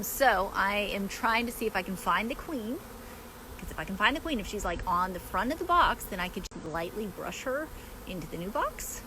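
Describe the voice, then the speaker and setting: A woman beekeeper talking chattily while filming in her backyard, excitable, laughing often and coaxing the bees. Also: medium pitch, background noise. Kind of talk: casual outdoor vlog narration. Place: backyard outdoors.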